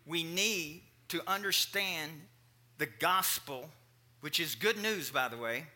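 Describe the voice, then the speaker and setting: A man preaching a sermon in a conversational, animated way, breaking off for joking asides to the congregation. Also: on the high side, slow.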